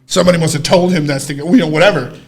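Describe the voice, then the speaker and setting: On a podcast, a man with a higherish voice races through a long personal anecdote, and there's a slight hiss or hum on the recording. As co-host he swears a lot and performs the other people's lines with animation.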